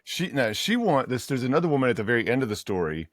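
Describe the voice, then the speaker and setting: A man's voice: medium pitch, sing-song, fast, no room sound, studio quality. A man co-hosting a podcast, animatedly retelling a story in casual book chat and laughing often. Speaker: podcast co-host.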